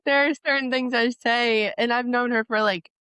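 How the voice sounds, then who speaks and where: A woman's voice: fairly high pitch, steady tone, normal speed, sharp tone, smooth, no echo. Giggly, swearing woman podcaster, dry close mic. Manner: giggly, swears freely, upbeat. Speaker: podcast co-host. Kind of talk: casual podcast chat.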